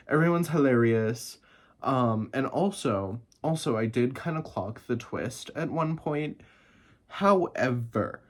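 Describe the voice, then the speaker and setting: A man chatting casually about books he loved, gushing and excitable, laughing and swearing a lot, and a bit tired. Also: mid-range voice. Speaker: book reviewer. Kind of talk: casual chat.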